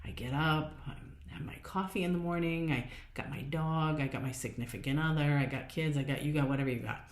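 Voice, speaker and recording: A deep-voiced woman speaks a little fast in an echoey room, hosting a solo motivational podcast. She's casual and encouraging, acting out the little voices in her head.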